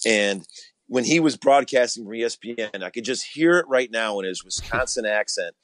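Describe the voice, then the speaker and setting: A man's voice: mid-range voice, animated, moderate pace, a bit bright. A man, a college basketball coach, answering interview questions earnestly, often repeating words as he starts.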